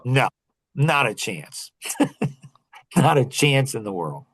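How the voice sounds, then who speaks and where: Middle aged guy with a gravelly voice, dry close sound, keeps repeating himself for emphasis. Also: medium pitch, sing-song, slow pace, a bit bright, dry recording, low-quality recording. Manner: emphatic, repeats key phrases. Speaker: host. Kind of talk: storytelling talk to a group.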